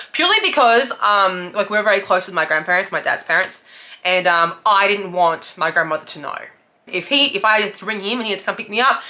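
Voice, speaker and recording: A young woman speaking candidly about her worst moment as a business owner. Her voice is bright and crisp. She swears freely and laughs ruefully through painful memories, sounding close to tears at times. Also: on the low side. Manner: raw, confessional, swearing often, laughing through hard memories. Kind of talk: candid personal storytelling.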